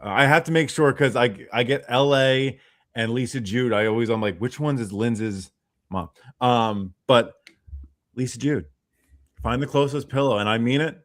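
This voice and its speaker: An encouraging man speaking on a casual livestream. He coaches listeners warmly and keeps an upbeat, lively manner. He talks directly to viewers by name. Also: medium pitch, normal speed. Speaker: stream guest.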